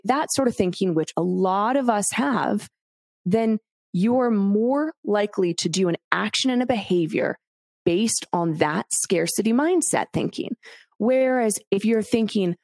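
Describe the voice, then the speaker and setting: A woman's voice: mid-range voice, unhurried, darkish tone, no echo, clean studio sound. A woman hosting a solo podcast, talking bluntly and candidly to the listener with casual swearing. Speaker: podcast host.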